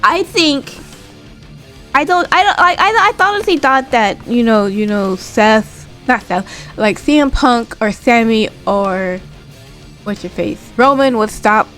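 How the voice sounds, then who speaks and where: A woman casually recapping a wrestling show, retelling scenes with quick impressions and swearing freely. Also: on the high side, faint music behind. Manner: animated, swears casually, laughs.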